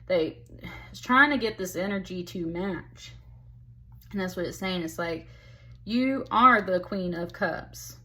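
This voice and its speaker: A woman's voice: mid-range voice, fairly bright tone. Chatty woman giving a tarot reading. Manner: chatty, emphatic, calls the listener honey and baby. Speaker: tarot reader.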